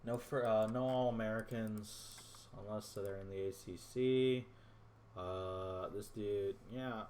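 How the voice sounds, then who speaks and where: A man's voice: lowish voice, normal speed, a little mellow, slight background noise. A man ranting to his viewers in casual gameplay commentary, frustrated, swearing and rambling, calling them "boys". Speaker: gaming YouTuber.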